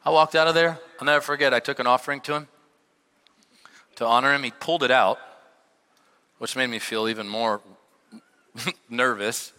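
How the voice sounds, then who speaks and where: A middle-aged male pastor preaching a sermon, telling stories with sudden shouted peaks and quieter asides. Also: mid-range voice, normal speed, long pauses, clean tone. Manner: animated storytelling with shouted peaks and dropped asides. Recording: long hall reverb.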